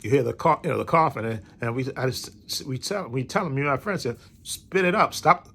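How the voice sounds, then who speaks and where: A man's voice: mid-range voice, animated, quick pace, gravelly, fairly bright tone, slightly rough. Male vlogger with a cold, rambling casual talk from bed, keeps circling back. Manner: rambling, repeats "like I said". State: recovering from a cold.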